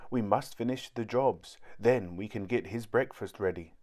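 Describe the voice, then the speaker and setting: A man's voice: on the low side, a little mellow, lightly acted. A man reading a storybook aloud, voicing a polite little servant girl. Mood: helpful. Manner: polite, hurried.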